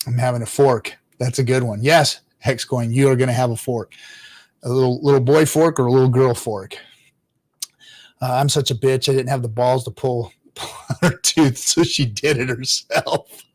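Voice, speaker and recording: A man's voice: fairly even intonation, normal speed. Profane, rambling man on a livestream. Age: adult father. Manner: profane, rambling, laughs often, drops to low mutters. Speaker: crypto livestream host reading chat. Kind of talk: casual livestream chat.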